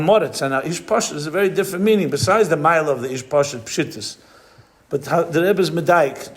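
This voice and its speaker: Man with a higher voice teaching a class. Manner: explains step by step, weaving in Hebrew and Yiddish terms; stops often to search for the right word. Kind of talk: explanatory class lecture.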